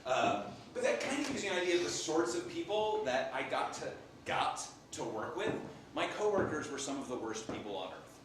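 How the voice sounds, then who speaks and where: A man doing a comic in-character monologue as an improv performer, an animated storyteller playing a Renaissance papal scribe. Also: on the high side, moderate pace, background noise. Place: live theater stage. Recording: echoey stage from far off.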